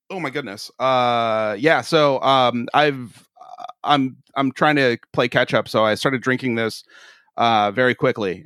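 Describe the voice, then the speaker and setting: A man's voice: medium pitch, a bit bright, clear, resonant tone, dry recording, clean studio sound. A man co-hosting a podcast in casual chat, rambling and laughing often, a little tipsy. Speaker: podcast co-host. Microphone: studio mic.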